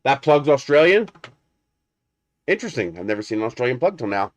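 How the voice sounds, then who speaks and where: A man's voice: medium pitch, big pitch swings, fairly quick, highs cut off. A man hosting a live stream, chatting casually and rambling as he unboxes a printer and answers viewers. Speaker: 3D printing livestream host.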